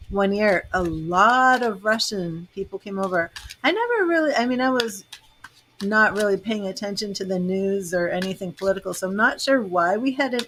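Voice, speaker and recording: A woman's voice: mid-range voice, a bit bright, slight background noise. Chatty middle-aged woman. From Boston, Massachusetts. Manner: chatty and rambling, laughs often. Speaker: tarot reader and psychic host. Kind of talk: casual livestream chat with viewers.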